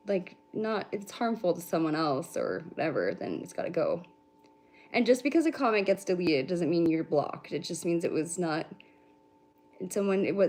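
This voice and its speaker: A young adult Canadian woman, a spiritual reader, hosts a casual livestream and rambles to her viewers. Her voice is lowish with a darkish tone, and she swears freely and laughs often.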